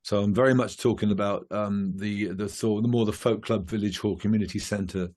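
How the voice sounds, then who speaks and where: Low male musician, casual interview guest, rambling with fillers. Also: fairly even intonation, brisk, darkish tone. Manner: rambling, many fillers and restarts.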